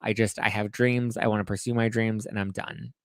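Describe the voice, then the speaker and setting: A man's voice: fairly low pitch, steady tone, brisk, gravelly, no echo. A man voicing an exasperated young woman in a gossipy retelling, raising his voice into a sassy, mocking register. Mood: indignant.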